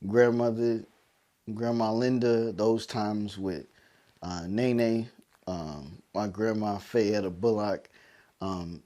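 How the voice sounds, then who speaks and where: A man's voice: lowish voice, a little mellow. A man hosting a solo podcast, teary and emotional, building his points through preacher-like repetition. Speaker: podcast host. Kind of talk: heartfelt solo podcast monologue.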